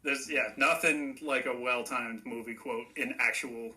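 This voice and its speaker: A man with a very bright, sharp-edged voice, recapping a movie on a casual review podcast. He talks in a relaxed way with dry humor. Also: mid-range voice, a little slow. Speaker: podcast co-host.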